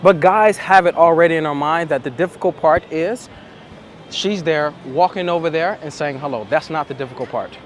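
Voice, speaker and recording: Man, dating coach, reflective monologue, emphatic and repetitive, slightly high voice, faint street noise outdoors. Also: moderate pace.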